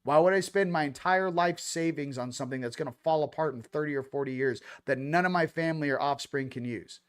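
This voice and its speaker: Guy ranting on his spiritual talk show, kinda high voice, goes low and intense then loud and goofy with sound effects. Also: fairly quick, clear, resonant tone. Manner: makes playful sound effects and mock voices. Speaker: host.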